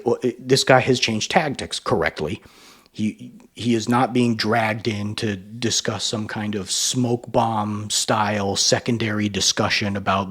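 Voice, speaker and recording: Husky low-voiced man analyzing a video. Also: a bit bright. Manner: emphatic, mocks others in a sneering voice. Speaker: commentator. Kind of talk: reaction commentary.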